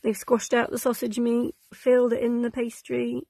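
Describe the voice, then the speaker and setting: A woman's voice: fairly high pitch, monotone, moderate pace, creaky, warm tone, no room sound. A woman reading an old cookbook aloud to children in a cosy, chatty, sing-song way, sounding sleepy and yawning. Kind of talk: gentle read-aloud for children.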